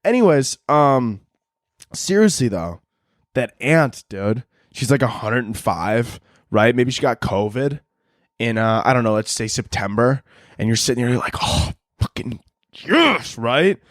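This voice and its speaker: A man hosting a solo comedy podcast, ranting with lots of swearing and laughter, and jumping between high mock voices and low mutters. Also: a little slow, no echo, studio quality. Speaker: podcast host.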